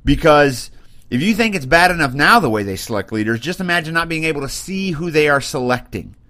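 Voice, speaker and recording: Brief: fired-up male podcast host, fairly high voice, blunt and mocking, home computer mic. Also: expressive, a little fast, sharp tone. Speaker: podcast host, Army sergeant. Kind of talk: opinion podcast rant. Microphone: webcam and computer mic.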